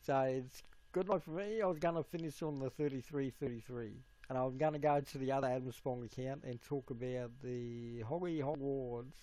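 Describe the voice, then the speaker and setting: A man chatting casually on a live stream, giggly and playful, sometimes breaking into high squeals. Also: moderate pace, few pauses, warm tone.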